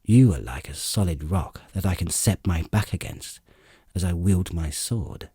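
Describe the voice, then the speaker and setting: A man's voice: deep voice, measured pace, dark tone, husky, dry recording, studio quality, full character voice. A man voicing a caring half-elf male leader in an audiobook, speaking in an earnest, reassuring way.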